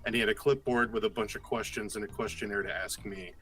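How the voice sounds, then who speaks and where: A man co-hosting a casual conversation, telling a story with lively energy and cursing freely. His voice has a bright, forceful edge. Faint music plays in the background. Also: fairly low pitch, quick pace. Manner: animated storytelling, swears freely. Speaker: podcast co-host. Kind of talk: casual chat.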